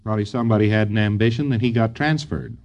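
A man giving an informal lecture to trainees, rambling and folksy, often pausing on fillers. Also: on the low side, darkish tone, muffled recording, a little hiss or hum.

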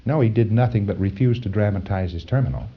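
Guy lecturing a class, kinda low voice, stops and starts with lots of uh, repeats words, muffled old tape sound. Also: a little hiss or hum. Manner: halting, with repeated phrases and "uh" fillers. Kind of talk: informal lecture to trainees.

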